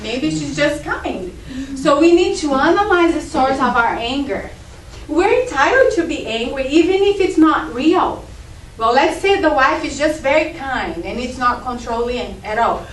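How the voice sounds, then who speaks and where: A middle-aged woman with a high voice gives an informal talk at a group meeting. She is conversational and acts out examples as she explains. The mic sits far off in a reverberant room with faint background ambience. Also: lively intonation, measured pace, slight background noise. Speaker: speaker at a spiritist group. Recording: roomy echo, distant mic.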